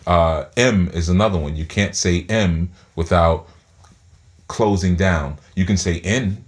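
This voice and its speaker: A man giving a spiritual teaching talk, speaking through his teeth and often repeating words as he thinks aloud. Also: low voice.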